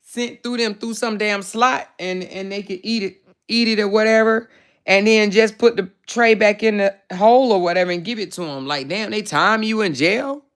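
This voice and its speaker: A woman hosting a casual livestream, chatting with viewers and reading their comments in an animated, salty way, with lots of "child" and "baby.". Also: mid-range voice, normal speed. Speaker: livestream host.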